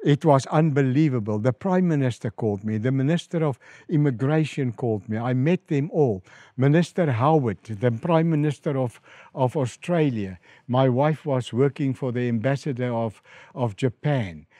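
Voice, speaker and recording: Middle-aged south african guy, pastor telling war stories, mellow voice, pitch goes way up when he acts out the quotes, dry close mic. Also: moderate pace, no room sound. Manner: animated storyteller, rises in pitch and volume acting out quoted calls. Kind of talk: storytelling in an interview.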